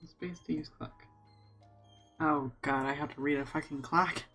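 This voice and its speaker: A man's voice: on the high side, steady tone, unhurried, a bit bright, faint music behind, poor audio. A man streaming a game, chatting to himself and reading notes aloud. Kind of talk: casual let's-play commentary.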